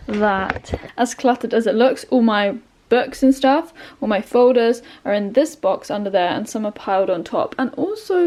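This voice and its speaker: A woman's voice: a little high, a little mellow, low-quality recording. A young woman, chatting casually in a home vlog and sounding out German words as she corrects herself. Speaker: vlogger. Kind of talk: casual study vlog narration. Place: home bedroom, indoors.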